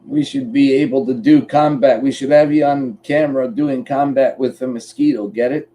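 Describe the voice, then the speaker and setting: Blunt, mellow-voiced Canadian man. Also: mid-range voice, steady tone, moderate pace. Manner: blunt and chatty, swears freely; walks through a website on screen step by step. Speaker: podcast co-host. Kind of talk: casual chat.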